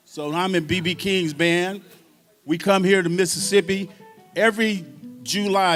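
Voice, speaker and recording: A man who plays drums telling a lively, salty story to a symposium audience. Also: fairly high pitch. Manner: lively, earthy storyteller who swears casually. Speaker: drummer and panel speaker. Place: university symposium stage.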